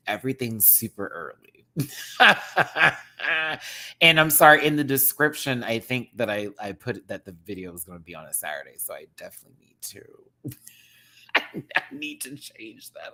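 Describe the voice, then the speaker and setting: A man giving a casual, animated review to camera, swinging from hushed asides to loud exclaiming and laughing often. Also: on the low side. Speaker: drag show reviewer. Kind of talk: casual commentary rant to camera.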